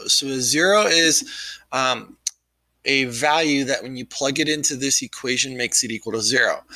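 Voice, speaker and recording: A man's voice: medium pitch, sharp tone, dry recording, low-quality recording. A man who has lost his voice gives a casual recorded math lesson, explaining offhandedly with many ums. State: losing his voice. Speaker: math teacher.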